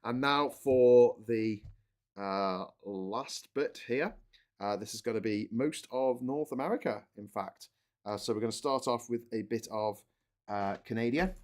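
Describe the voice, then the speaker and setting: A man's voice: mid-range voice, a little mellow. Chatty man rambling while building. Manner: chatty, rambling, self-correcting, jokey. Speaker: host building a model while talking. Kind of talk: casual live chat.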